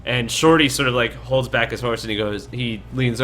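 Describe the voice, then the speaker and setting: A man's voice: mid-range voice, steady tone, moderate pace, few pauses, a bit bright, soft background music. A young man narrating casually as dungeon master, rambling with lots of fillers. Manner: rambling, filler-heavy, laid-back. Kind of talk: casual tabletop game narration.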